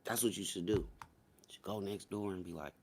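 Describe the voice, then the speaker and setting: A man hosting a casual livestream, joking and profane, swinging between loud shouts and low mutters. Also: a little fast, creaky, husky, soft background music. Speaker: livestream host.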